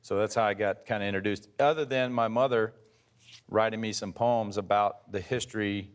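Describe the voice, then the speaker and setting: A man in his sixties, a former pitcher, telling rambling stories in a casual interview and often correcting himself mid-sentence. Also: steady tone, normal speed, clear, resonant tone. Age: 60s. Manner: rambling, self-correcting storyteller.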